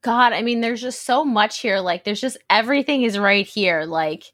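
A woman's voice: a little high, normal speed, fairly bright tone, no room sound, clean studio sound. A woman co-hosting a casual book discussion, enthusiastic and swearing freely. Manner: enthusiastic, profane. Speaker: podcast co-host.

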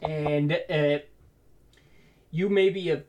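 A man's voice: a little high, slow pace, highs cut off, background noise. Amused man running a tabletop game. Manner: relaxed, amused narration. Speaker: game master.

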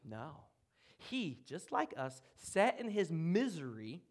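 A man pastor preaching a sermon in a church room, earnest, with dramatic pauses and drops to a hush. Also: on the high side, big pitch swings. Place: church room, speaking from the front.

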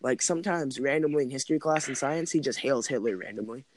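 A man's voice: medium pitch, fast talker. A man in casual chat, rambling through school stories with lots of "like" and "um". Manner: rambling, heavy use of "like" and "um".

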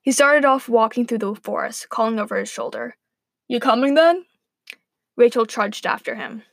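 A woman's voice: on the high side, fairly quick, creaky, no echo. A woman narrating a playful, wry story aloud.

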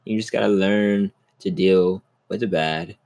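Deep-voiced young man rambling casually. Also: a little slow, a little mellow. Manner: rambling, swears a lot, upbeat. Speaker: podcast host. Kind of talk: casual solo podcast chat.

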